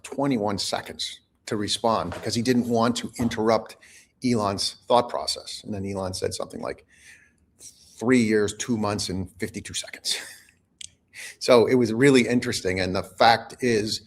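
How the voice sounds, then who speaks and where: Brief: male guest expert, lowish voice, calm and instructive, teaching in short clear points. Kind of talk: explanatory interview talk.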